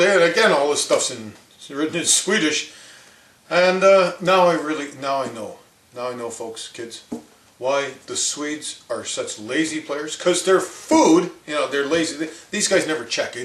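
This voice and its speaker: A man's voice: a little high, expressive, moderate pace, fairly bright tone, reverberant. A man impersonating an opinionated older male hockey commentator, ranting in rambling, folksy asides. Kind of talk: comedic impression rant.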